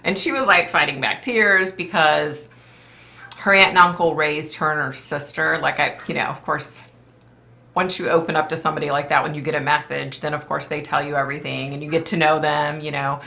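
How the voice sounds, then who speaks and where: Psychic-medium host, woman, low gravelly voice with a bright edge, chatty live-stream rambler. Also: steady tone, brisk. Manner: rambling, chatty, full of "like" and "you know". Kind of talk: casual live-stream chat.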